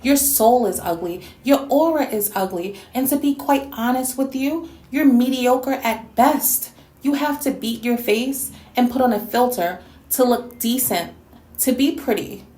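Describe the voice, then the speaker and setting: A woman from New York City delivers a blunt, scolding rant with plenty of sass in her slightly high voice. The sound bounces around a reverberant room. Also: unhurried, dark tone. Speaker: YouTube reactor and host. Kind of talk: response video rant.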